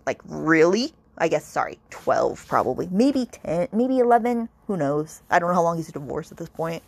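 A woman's voice: lowish voice, big pitch swings, moderate pace, creaky, hardly any pauses, no echo. A woman hosting a podcast, chatting casually about a novel, retelling scenes in quoted voices with lots of "like" and exasperated asides. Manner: frequent "like" fillers, exasperated asides. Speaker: podcast host. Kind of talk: casual book review chat.

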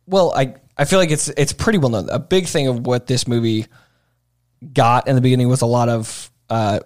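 A man's voice: medium pitch, moderate pace. Male podcast co-host, casual chat, rambling, lots of fillers and restarts.

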